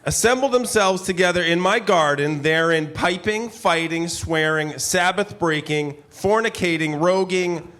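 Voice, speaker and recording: Guy doing a pompous blustery old-timey gentleman, ranting a letter, slow and grand. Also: high voice. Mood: blustering. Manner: bombastic declaiming with asides and laughs. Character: blustering pompous eccentric gentleman, man, middle-aged. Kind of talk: live theater reading of a period letter. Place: live performance hall with audience.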